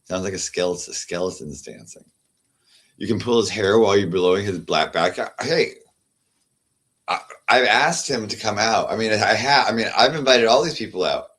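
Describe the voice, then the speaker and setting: Streamer, male, deep voice, halting rambling chat that trails off into murmurs. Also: expressive, a bit bright. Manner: halting, repeats words, trails off. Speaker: livestreamer. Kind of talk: rambling casual livestream chat.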